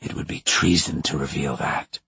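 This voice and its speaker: A man voicing a cornered, menacing man who speaks low and harshly through gritted teeth in an audiobook. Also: fairly even intonation, moderate pace, creaky, bright, forceful tone, breathy edge, no room sound, exaggerated voice. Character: cornered middle-aged man, menacing and smug. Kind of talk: audiobook character voice.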